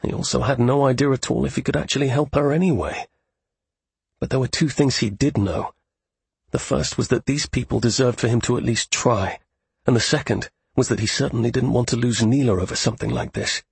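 A male narrator reading a fantasy audiobook in a steady storytelling style. His voice is gravelly and very husky. The recording is dry and close, with no room sound. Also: medium pitch, fairly quick, no echo.

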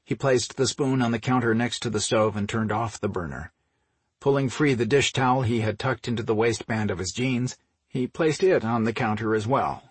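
A man reading a novel aloud in a steady, measured storytelling voice. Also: mid-range voice, breathy edge, dry recording. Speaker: audiobook narrator. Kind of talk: scripted narration.

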